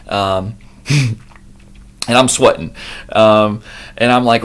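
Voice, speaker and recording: A man's voice: mid-range voice, normal speed, a bit bright, a little hiss or hum. A young man telling a story casually, acting out his own gasps and panicked cries. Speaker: vlogger.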